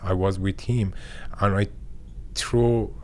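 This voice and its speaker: Halting man with a Persian accent. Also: low voice, steady tone, darkish tone, slight background noise. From Iran. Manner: halting, searching for words in broken English. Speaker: boxer guest. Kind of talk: interview conversation. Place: podcast studio.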